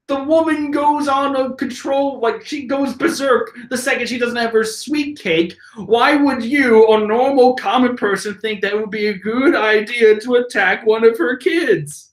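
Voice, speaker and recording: A man's voice: high-pitched, lively intonation, takes it slowly, fairly bright tone. A man reading a comic aloud on a live stream, reacting with laughter and exasperated rants. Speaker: host. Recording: roomy echoey room.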